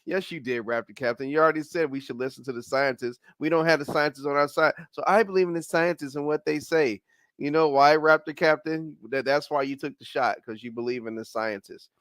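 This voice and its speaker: A man's voice: on the high side, a little fast, a bit bright, no room sound. A man teasing his co-host in sarcastic, mocking banter.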